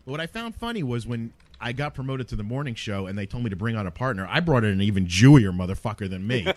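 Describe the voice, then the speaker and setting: A man's voice: medium pitch, big pitch swings, fast, a little mellow, no echo. A man in his thirties, a former radio DJ and podcast co-host, telling a profane story with lots of laughter. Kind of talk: casual storytelling chat.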